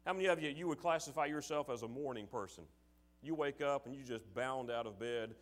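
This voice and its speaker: A man preaching a sermon, moving from casual, filler-laden asides to forceful, emphatic calls to his listeners. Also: medium pitch, fairly quick. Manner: acts out his father's sarcastic voice.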